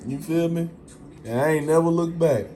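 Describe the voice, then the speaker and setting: A man's voice: fairly high pitch, normal speed, darkish tone, soft background music. A man talking casually to his audience, slangy and emphatic, swearing freely and repeating phrases for emphasis. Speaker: vlogger. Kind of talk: casual monologue to camera.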